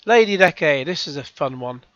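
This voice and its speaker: A man's voice: a little high, lively intonation, normal speed, a bit bright, no room sound, muffled recording. A man giving rambling, sarcastic commentary as a YouTube reaction host. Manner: rambling, sarcastic, with frequent sighs and restarts.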